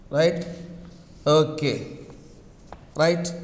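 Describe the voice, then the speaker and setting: A male teacher giving a classroom lesson on word stress, repeating key words and phrases as he drills them. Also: a little high. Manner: repetitive, drills words slowly. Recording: echoey long-reverb room.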